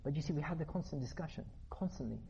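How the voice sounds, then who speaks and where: A man's voice: a little high, lively intonation, quick pace, vocal fry, mellow, husky, lo-fi sound. A middle-aged man giving an earnest religious lecture on parenting. He repeats points for emphasis and acts out everyday dialogue. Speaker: religious speaker.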